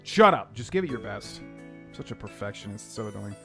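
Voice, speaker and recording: A young male streamer chats loosely while he plays, rambling from one thought to the next and humming little tunes under his breath. Game music runs clearly behind his voice. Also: fairly low pitch, very animated, a little fast, fairly bright tone. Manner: chatty, rambling, hums and scats to himself. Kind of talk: casual gameplay commentary.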